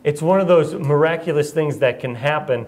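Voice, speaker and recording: Here the onstage host, a young Iowan, talks at a moderate pace in a slightly high voice with a darkish tone. He rambles while asking questions, pokes fun at himself, and laughs often in this casual chat.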